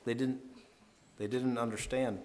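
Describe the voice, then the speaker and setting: A man with an ordinary, mid-range voice leads a Bible devotional. He reads the verses aloud and talks through them earnestly. He swells in pitch and volume whenever he wants a line to land. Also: flat delivery, a little slow, darkish tone. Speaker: Bible teacher leading a devotional. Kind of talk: devotional Bible talk, reading scripture aloud.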